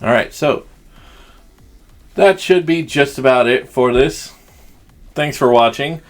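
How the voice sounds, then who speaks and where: A man's voice: medium pitch, takes it slowly, soft background music. A man with a Southern country accent giving casual, crude, joking commentary as he unboxes a video game collection. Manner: crude joking, rambling and chatty. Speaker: gaming channel host.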